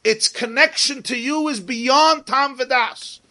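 A man with a high, bright voice explains a Torah text in English. He pronounces the Hebrew terms the Ashkenazi way and keeps repeating and rephrasing each point as he teaches. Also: slow. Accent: Ashkenazi Hebrew pronunciation.

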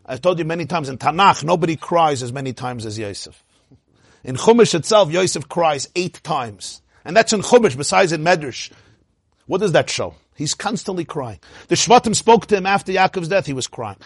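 A high-pitched man with a husky edge lectures as a Torah teacher, firing rhetorical questions and breaking into laughs. The sound is dry and close, with little room around it. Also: expressive, normal speed, no room sound.

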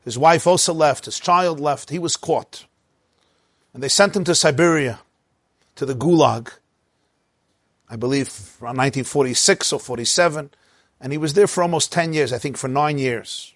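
A man telling a story in an animated way, mixing in Hebrew and Yiddish words as he speaks. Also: a little high, moderate pace, long pauses, no room sound, studio quality. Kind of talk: storytelling talk.

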